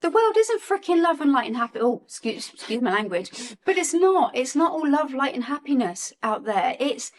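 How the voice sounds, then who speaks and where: A woman in her forties with a slightly raised pitch, talking straight to viewers about feelings. She is earnest and emotional, circling back over her words as she goes. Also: sing-song, normal speed, few pauses. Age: 40s. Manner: earnest, emotional, repeats and restarts phrases. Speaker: guest on a spiritual channel. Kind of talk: heartfelt spiritual talk to viewers.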